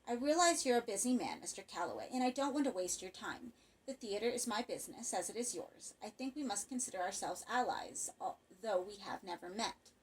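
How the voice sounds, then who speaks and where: A woman's voice: mid-range voice, expressive, brisk, recorded from a distance, slight background noise, natural voice, low-quality recording. A woman reading an audiobook voices a cultured retired male theater trustee who speaks persuasively and rhetorically. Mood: grave. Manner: courtly, melodramatic.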